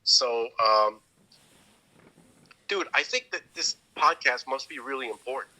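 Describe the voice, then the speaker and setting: A male podcast host with a strikingly bright, forceful tone. He explains religious ideas in casual conversation, rambling and restarting his sentences often. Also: medium pitch, animated, unhurried, poor audio.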